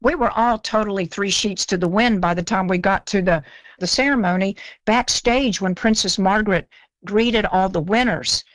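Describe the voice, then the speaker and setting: A woman's voice: medium pitch, normal speed, no echo. An older woman from the South, telling stories as a guest in a chatty, self-deprecating way, often repeating words as she starts. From American South. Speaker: guest author. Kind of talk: casual interview storytelling.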